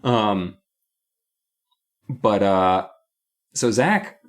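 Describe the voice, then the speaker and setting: Low-ish voiced guy rambling through a book recap, pitch all over the place. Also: lively intonation, drawn-out words. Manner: playful, rambling, often laughing. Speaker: podcast co-host. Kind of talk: casual chat recapping a book episode.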